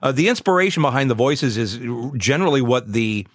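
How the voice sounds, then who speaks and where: A man in his sixties, a voice actor, chatting in an interview in a relaxed, self-mocking way and laughing often. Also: medium pitch, a little fast, no echo, studio quality. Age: 60s.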